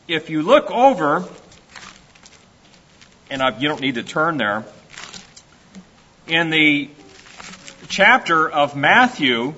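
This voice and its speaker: A man with a bright, husky, rather high voice leads a church service, talking slowly in a folksy, encouraging way. The recording is dull and lo-fi, with faint music underneath. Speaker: song leader in a church service. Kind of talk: informal sermon and song introduction.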